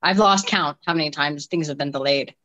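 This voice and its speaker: A woman's voice: low-pitched, a little fast, sharp tone, poor audio. A woman in her forties, a deaf soccer player from the United States, chatting in an interview and telling stories animatedly with frequent restarts and laughter. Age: 40s. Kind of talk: casual interview chat.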